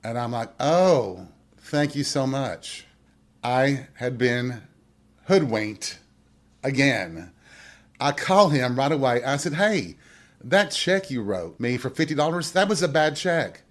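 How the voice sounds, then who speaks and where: A man hosts his own show and tells a personal story straight to his listeners. His voice sits at a middle pitch, neither high nor low. He talks candidly, with wry humor and plenty of swearing. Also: expressive, measured pace, a bit bright. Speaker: podcast host.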